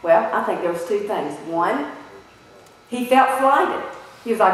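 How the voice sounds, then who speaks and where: A woman preaching a sermon in an animated way, putting questions to her listeners. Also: medium pitch, moderate pace. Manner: animated, asks the audience questions. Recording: echoey hall from far off.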